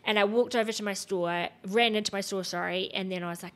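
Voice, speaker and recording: A woman's voice: mid-range voice, moderate pace. Woman from New Zealand telling a story. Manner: animated storytelling, acting out what others said. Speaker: podcast guest. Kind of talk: casual podcast chat.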